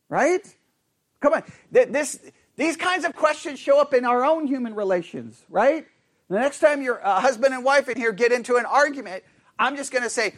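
Animated high-voiced male Bible teacher. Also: brisk. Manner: animated, asks the class questions, self-correcting.

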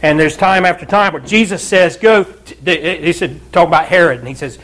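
A man's voice: fairly high pitch, a little fast, hardly any pauses, a bit bright. A pastor preaching a conversational sermon to his church, with asides and repeated calls of "Amen?" to the congregation. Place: church sanctuary.

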